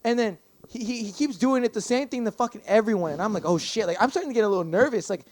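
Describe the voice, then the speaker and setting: A man's voice: high-pitched, fast, slight background noise. A young man, a podcast guest, telling a long rambling story in casual chat, swearing constantly and stacking fillers. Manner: profane, rambling and animated, many fillers.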